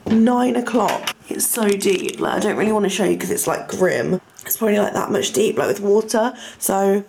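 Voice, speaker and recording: A young woman, a university student, chatting casually in a rambling vlog from her student flat. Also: medium pitch, brisk, creaky, background noise. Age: young adult. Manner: rambling, lots of "like" fillers.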